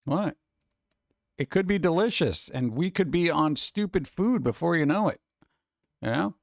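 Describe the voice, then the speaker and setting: A man hosting casual reaction commentary, excitable and exclamatory, rambling between remarks. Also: fairly high pitch, a little slow, vocal fry, no room sound, studio quality. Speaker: host.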